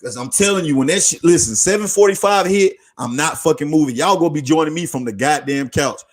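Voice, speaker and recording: A man hosting his own podcast, talking in a casual, slangy, profane way that gets excitable and breaks into shouting. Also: a little high, fairly quick. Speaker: podcast host. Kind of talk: casual hyped sports talk.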